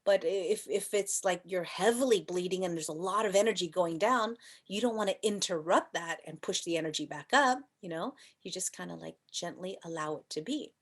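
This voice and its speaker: Yoga teacher, woman, chatty and playful, lots of rhetorical questions, leads soft chants. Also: fairly low pitch, brisk. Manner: soft chanting and whispering at times. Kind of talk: teaching an online class.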